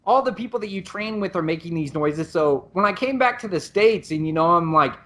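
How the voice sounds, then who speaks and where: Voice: medium pitch, lively intonation, brisk, fairly bright tone. A podcast co-host and Muay Thai coach, explaining things in a casual way with many restarts. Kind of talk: casual chat.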